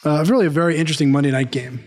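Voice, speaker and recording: A man's voice: fairly high pitch, rapid-fire, a little mellow. A man co-hosting a sports betting podcast, explaining line moves analytically with dry jokes. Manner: analytical, dryly joking. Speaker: sportsbook executive, co-host. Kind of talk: casual sports betting chat.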